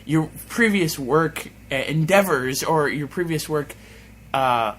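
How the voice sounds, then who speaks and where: A man's voice: fairly high pitch, lively intonation, slow, fairly bright tone. A young man co-hosting a casual podcast, laughing often and swearing casually. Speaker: podcast co-host. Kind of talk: casual chat.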